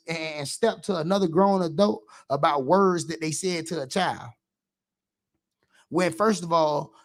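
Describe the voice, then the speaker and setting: A man, a youth football coach, giving an impassioned radio monologue, preachy and emphatic, acting out how he scolds kids. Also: high voice.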